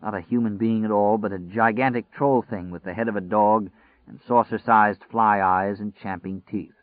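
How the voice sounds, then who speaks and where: A man narrating an audiobook in a measured, deliberate reading. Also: fairly low pitch, steady tone, no echo. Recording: dry, phone-like narrow sound.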